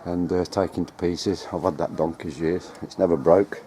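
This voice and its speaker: This radio hobbyist vlogger has a low-pitched, mellow voice with little pitch movement and a moderate pace. He gives a chatty, rambling running commentary to a handheld camera, correcting himself as he goes. He's outdoors at home, on ladders and in the garden, recorded on the camera's mic.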